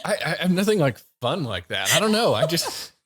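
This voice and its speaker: A man co-hosting a studio podcast, giving dry, deadpan short replies. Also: on the high side, fairly quick. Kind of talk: casual chat. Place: radio studio.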